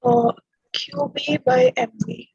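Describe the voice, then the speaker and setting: A woman's voice: slow pace, darkish tone, no echo, lo-fi sound. A female student answering physics exam questions over a video call, hesitant and unsure of her answers.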